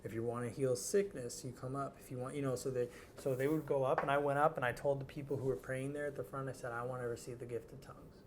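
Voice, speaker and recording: A man, an interview guest, tells a personal story in an animated, rambling way, full of "like" and acted-out quotes. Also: medium pitch, fast talker, hardly any pauses, noisy background. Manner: animated, rambling, heavy use of "like".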